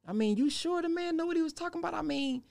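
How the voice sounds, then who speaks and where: A man voicing a smooth-talking male tempter who quietly coaxes and wheedles with casual street talk. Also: very high voice, expressive, fast, no room sound, studio quality, voice pushed up, heavily acted. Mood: coaxing. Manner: soft, coaxing, casual, with repeated "I mean".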